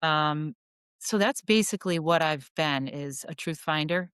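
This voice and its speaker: A woman as a podcast guest, talking earnestly and thoughtfully about spiritual growth, pausing often with ums. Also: low voice, a bit bright, smooth, no room sound, clean studio sound. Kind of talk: reflective spiritual conversation.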